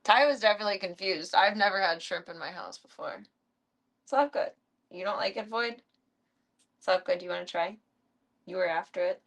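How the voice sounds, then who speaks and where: A young woman streaming casually, chatting as she feeds her pets and calling to them in a high coaxing voice. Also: normal speed, pauses often, a bit bright. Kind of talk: casual chat while feeding pets.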